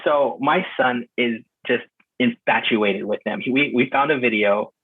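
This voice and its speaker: A man's voice: mid-range voice, measured pace, slightly rough, dry recording. A male podcast guest chatting casually and rambling a bit, with many fillers and restarts, heard over a phone line. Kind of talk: casual conversation recounting a trip. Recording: muffled phone-line call.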